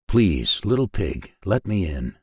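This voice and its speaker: A man's voice: low voice, sing-song, slow pace, noisy background, full character voice. A man voicing a hungry, menacing big bad wolf in a storybook reading, with a growling, threatening manner.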